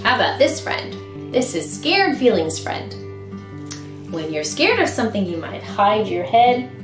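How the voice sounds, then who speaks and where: A woman as a children's librarian, singing and talking to toddlers in an animated, sing-song way with exaggerated expressions. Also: mid-range voice, a little slow. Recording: roomy sound with guitar music.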